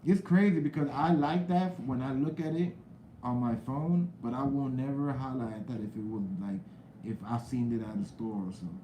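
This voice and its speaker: A young man hosting a live stream, chatting loosely with viewers in slang, shouting out names from the chat. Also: medium pitch, normal speed, echoey room, a little hiss or hum, low-quality recording. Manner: loose, rambling talk with slang and cursing, greets chat viewers loudly.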